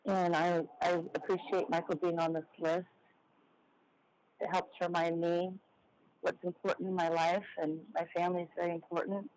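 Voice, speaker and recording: A woman's voice: fairly low pitch, little pitch movement, moderate pace, a little mellow, low-quality recording. A woman co-hosting a podcast, speaking sincerely and earnestly as she closes the show. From Oregon, United States. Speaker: podcast co-host. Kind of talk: heartfelt closing remarks.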